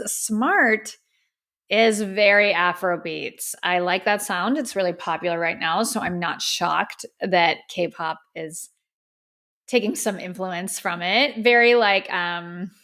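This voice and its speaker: A woman's voice: fairly low pitch, a bit bright. A woman hosting a podcast, casually reviewing music in a candid, opinionated way with frequent fillers. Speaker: podcast host. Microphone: studio microphone.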